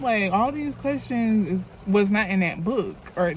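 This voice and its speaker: A woman's voice: mid-range voice, animated, a little slow, a little hiss or hum. A young woman, telling a storytime in a loose, chatty, profane way into a phone camera while doing her makeup. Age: young adult. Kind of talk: casual storytime vlog.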